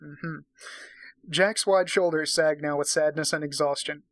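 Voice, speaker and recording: A man's voice: fairly high pitch, fairly even intonation, a little slow, a bit bright, no room sound. A man giving a drunken dramatic reading of a romance novel, breaking off for profane, sarcastic asides. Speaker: reader and commentator.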